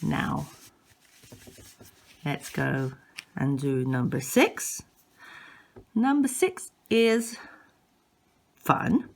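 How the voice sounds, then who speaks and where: A woman language teacher speaks at a very slow, careful pace. Her slightly low voice swoops widely as she exaggerates tones and models each word for learners to repeat. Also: big pitch swings, gravelly. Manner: exaggerates rising and falling tones. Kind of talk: online language lesson.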